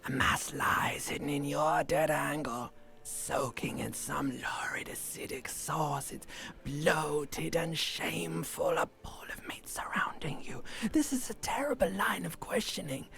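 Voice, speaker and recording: An actor voicing a gruff rasping inner voice with a rough near-Cockney accent, gravelly and husky, speaking slowly in a hushed, menacing way. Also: male voice, a little high, whispered, soft background music, full character voice. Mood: ominous. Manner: slow, menacing hushed delivery.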